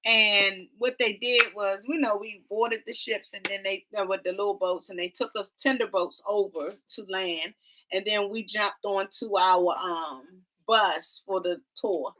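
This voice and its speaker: Female vlog co-host, dramatic storyteller, bright tone. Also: mid-range voice, unhurried, slight background noise. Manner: animated, dramatic storytelling with y'all and quoted voices. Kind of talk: casual travel storytelling.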